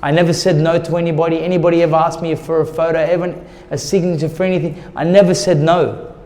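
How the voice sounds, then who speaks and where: A man's voice: fairly high pitch, level tone, fast, darkish tone, big-room sound. A middle-aged man, a guest in an interview, earnestly telling a personal story and repeating words when he gets emotional.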